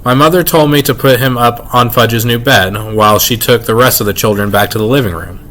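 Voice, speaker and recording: A man reading a children's novel aloud in an expressive, lively storytelling manner. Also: mid-range voice, fairly quick, rough recording. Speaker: reader.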